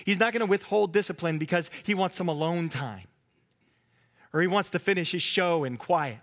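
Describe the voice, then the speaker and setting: A man preaching a sermon as pastor, earnest, at times dropping to a soft hush. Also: high voice, normal speed.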